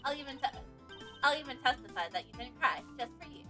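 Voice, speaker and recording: A woman streamer voicing a stiff, earnest male prosecutor in a formal, measured and slightly dramatic way. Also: high voice, animated, music in the background, pitched above the performer's own voice. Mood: gentle. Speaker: streamer voicing game dialogue.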